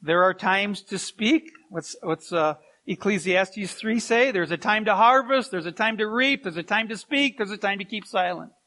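A man's voice: high-pitched, normal speed, few pauses, bright, forceful tone. A middle-aged man, a pastor, preaching a sermon and telling stories with chuckles and asides.

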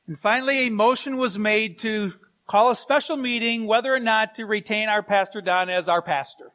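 A man's voice: high-pitched, normal speed, bright, forceful tone. A middle-aged man, a pastor, preaching a sermon and telling stories with chuckles and asides.

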